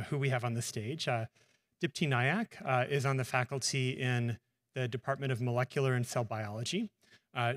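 Male professor as moderator, halting unscripted speech, mid pitch, long reverb of a lecture hall. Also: a bit bright. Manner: hesitant, many uh fillers, friendly.

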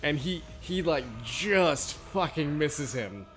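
A man's voice: a little high, expressive, slow, fairly bright tone. A man co-hosting a casual gameplay commentary, rambling and swearing. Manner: rambling, swearing, laughs at jokes. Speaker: co-host of a gaming let's play.

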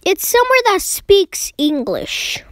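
A young woman giving casual commentary while playing a map-guessing game, excitedly talking to herself as she guesses. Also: very high-pitched, slow, dry recording, clean studio sound. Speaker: game player.

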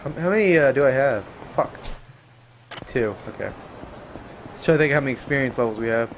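A man's voice: mid-range voice, fairly quick, a little hiss or hum. A young man giving casual let's-play commentary over a game, swearing freely and yelping or laughing at what happens on screen. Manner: excitable, swears a lot, yelps and laughs at the game. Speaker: gameplay streamer. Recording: game music underneath.

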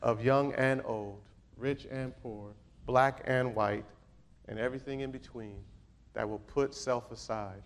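A man's voice: medium pitch, steady tone, a little slow. A male pastor preaching a sermon, reading scripture aloud and calling out questions to his congregation. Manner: reads scripture aloud in King James wording.

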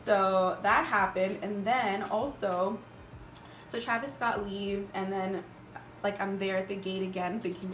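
A woman in her twenties, a beauty vlogger chatting casually while doing her makeup, telling stories in an animated way with lots of fillers. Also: medium pitch, measured pace, a little hiss or hum. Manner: animated storytelling, filler-heavy. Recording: roomy echo with background music.

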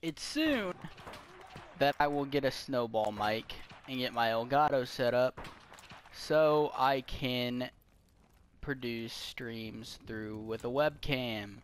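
A teenage guy chatting loosely about his summer plans, breaking off to curse at the match he's playing. His voice sits at a middle pitch. A faint hiss and distant game gunfire run underneath. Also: takes it slowly. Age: teens. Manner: rambling, swears at the game mid-sentence. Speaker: gaming YouTuber. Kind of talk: casual channel update while playing a shooter.

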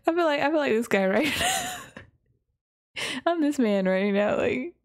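A woman hosting a reaction video in casual commentary, laughing constantly and exclaiming in quick bursts. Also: high-pitched, lively intonation, background noise.

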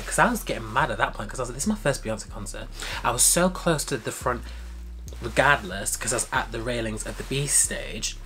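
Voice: mid-range voice, expressive, a little fast, a bit bright. A young adult telling a casual storytime, acting out quoted dialogue with big, dramatic jumps in voice. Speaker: vlogger.

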